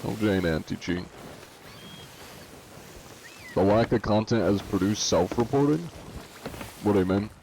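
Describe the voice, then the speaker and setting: A man's voice: lowish voice, expressive, a little slow, pauses often, dark tone, slight background noise. A man streaming a pirate game live, reading viewer comments aloud and answering them in a joking, laid-back way. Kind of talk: casual live-stream chat while gaming.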